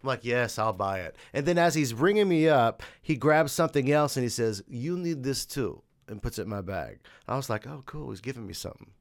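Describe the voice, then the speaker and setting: A man with a lively, up-and-down voice tells a wry story in casual chat. His tone swings widely as he acts out the exchange. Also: mid-range voice, fast talker, few pauses.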